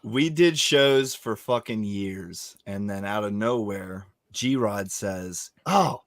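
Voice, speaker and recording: A man hosting a podcast, telling stories in animated casual chat and swearing often. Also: on the low side, takes it slowly, no room sound, clean studio sound. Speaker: podcast host.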